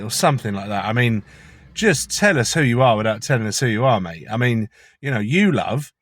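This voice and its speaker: A man's voice: medium pitch, lively intonation, a little fast, fairly bright tone, dry recording. A man talking in a chatty, rambling, conspiratorial monologue from inside his car. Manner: chatty, conspiratorial, swears casually. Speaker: vlogger.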